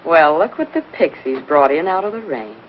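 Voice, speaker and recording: An actress playing a sassy, quick-witted young burlesque dancer, in 1940s film acting. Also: female voice, sits low, animated, a little hiss or hum. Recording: muffled 1940s film soundtrack with faint music.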